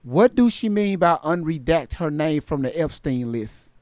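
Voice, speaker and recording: A man's voice: fairly high pitch, animated, moderate pace, a little mellow, no room sound. Dry-voiced man reacting in disbelief. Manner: incredulous, stammering. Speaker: commentator reacting to a livestream clip. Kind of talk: reaction commentary.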